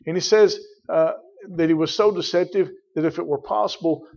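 Brisk and high-pitched, with vocal fry and a darkish tone, a pastor hammers at his sermon through repeated phrases and names individuals in the congregation. It comes through as a muffled, lo-fi church recording.

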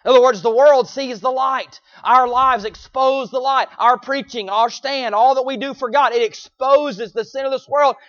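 A man preaching a sermon, repeating phrases and swinging between loud pleading cries and low, quiet lines. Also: fairly even intonation, normal speed, few pauses, no room sound, lo-fi sound.

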